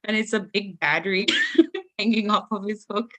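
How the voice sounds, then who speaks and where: A young adult woman telling funny family stories as a guest storyteller at a live event, animated and laughing often. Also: mid-range voice, a little slow. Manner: animated, laughs often, acts out family members in raised voices.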